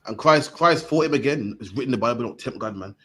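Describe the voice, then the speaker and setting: Rapid street preacher guy, bit husky, keeps saying man. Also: mid-range voice, fairly bright tone. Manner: punchy, ends lines with "man". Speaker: street preacher teaching a group. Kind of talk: impassioned preaching.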